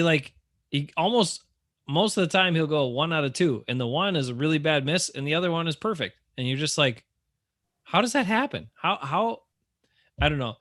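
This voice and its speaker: A man co-hosting a casual sports podcast, ranting in an animated, exasperated way. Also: on the high side, dry recording, clean studio sound. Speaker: podcast co-host.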